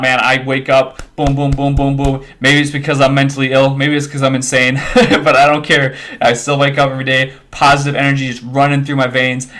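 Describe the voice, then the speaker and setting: A man with a mid-range, fairly bright voice talks into his webcam as a video maker. His monologue is rambling and profane, an emphatic pep talk for himself and his viewers, and he repeats himself often.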